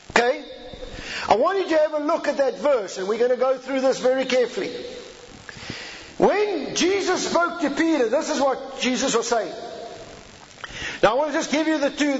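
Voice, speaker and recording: High-voiced man preaching in a hall. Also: slight background noise. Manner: teaching, checks in with the listeners. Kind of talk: sermon. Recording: dull audio with long hall reverb.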